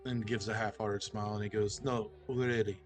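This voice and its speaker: A man narrating as game master of a tabletop game, relaxed with frequent fillers. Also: fairly low pitch, a little fast, faint music behind.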